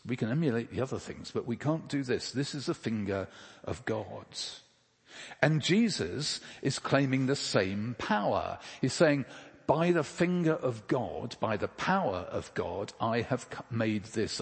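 A man's voice: on the low side, gravelly, husky, big-room sound. A man preaching a sermon in a conversational way, asking rhetorical questions and dropping casual asides. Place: church.

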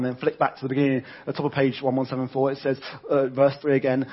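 Husky-voiced man preaching a sermon. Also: mid-range voice, fairly even intonation, fast talker, hardly any pauses, highs cut off. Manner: conversational, frequent restarts and repeated words.

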